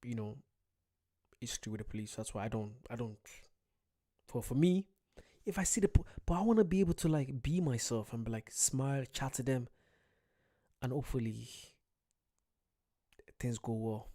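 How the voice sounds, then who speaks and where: A young Irish man chats loosely through a livestream, with a mellow, warm tone. He reads viewer comments aloud and rambles. His jokes are at his own expense. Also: medium pitch, normal speed, pauses often. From Ireland. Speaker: streamer. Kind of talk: casual livestream chat.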